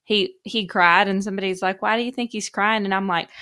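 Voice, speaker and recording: A woman hosting a podcast, telling stories in an animated, chatty way. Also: mid-range voice, a little fast, hardly any pauses. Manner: animated storytelling. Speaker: podcast host. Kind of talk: casual chat.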